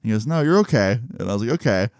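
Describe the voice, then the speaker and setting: A man's voice: fairly low pitch, animated, fast talker, a little mellow, smooth, dry recording, clean studio sound. A young man casually telling a story in a laid-back, slangy way, chuckling now and then.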